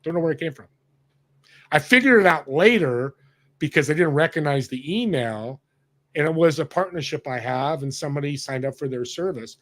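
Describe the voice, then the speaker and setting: A man guest on a podcast, telling stories in an animated, emphatic way and acting out the dialogue. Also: fairly high pitch, normal speed. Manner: animated, emphatic storyteller who acts out dialogue. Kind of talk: storytelling in conversation.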